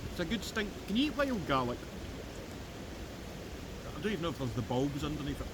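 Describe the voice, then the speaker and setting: This Scottish vlogger jokes his way through a metal-detecting outing in riverside woodland, sounding very animated and brisk with a fairly high pitch. The outdoor audio is noisy from the river running nearby.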